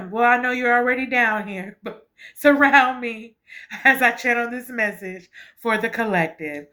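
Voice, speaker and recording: A woman hosts her spiritual vlog in a slightly high, bright, pushed voice, speaking a little slowly. She's emotional and grateful, tacks "okay" onto nearly every sentence, and breaks into laughter as she gushes with thanks.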